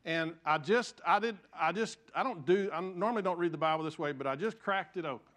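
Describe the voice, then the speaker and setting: An older man preaches from the pulpit in a fairly high voice. He tells stories with self-deprecating humor, dropping to hushed tones and then pushing back to loud emphasis. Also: moderate pace. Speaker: pastor. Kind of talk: sermon.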